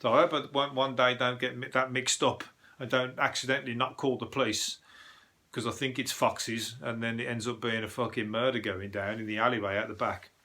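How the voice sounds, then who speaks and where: A male comedian rambling through a news-review podcast with lots of swearing and frequent chuckles. His voice is bright and forceful, set at a mid pitch for a man. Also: level tone, fairly quick. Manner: profane, rambling, chuckles often. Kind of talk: casual comedic news monologue.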